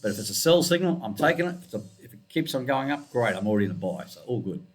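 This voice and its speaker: A man's voice: medium pitch, big pitch swings, very fast, slight background noise. Rambling man explaining trading charts. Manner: rambling, self-correcting, muttering asides. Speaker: forex trading analyst. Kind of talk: casual chart walkthrough screencast.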